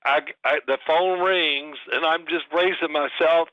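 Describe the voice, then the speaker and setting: Older man telling lively stories. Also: fairly high pitch, measured pace, dry recording. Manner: animated storyteller, mimics shouting in anecdotes. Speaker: guest. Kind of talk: casual podcast chat. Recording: dry, muffled audio.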